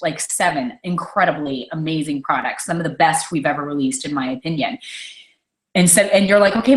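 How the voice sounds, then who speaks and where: Woman, young adult, motivational team call, fired-up, intense, lowish pitch. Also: a bit bright, reverberant. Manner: intense, fired-up, repeats "okay?". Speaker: team leader.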